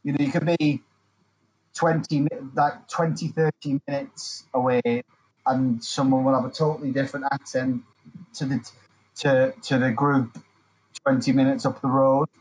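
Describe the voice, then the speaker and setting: A man from the UK chatting casually, often pausing and searching for words. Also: mid-range voice, little pitch movement, a little mellow, a little hiss or hum, low-quality recording. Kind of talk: casual chat.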